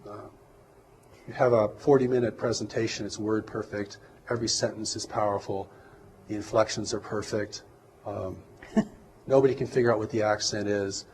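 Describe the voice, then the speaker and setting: Guy being interviewed, lowish voice, calm and earnest, bit of faint hiss behind. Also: moderate pace, rough recording. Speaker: guest. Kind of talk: interview talk.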